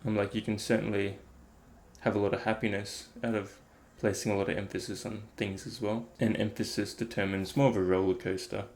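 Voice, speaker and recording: A low-voiced man with a gravelly edge talks in a flat, even tone. He muses aloud in a relaxed, reflective way, wandering through his thoughts with plenty of fillers. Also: brisk. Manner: rambling, thinking aloud with many fillers. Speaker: meditation vlogger. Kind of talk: casual reflective talk.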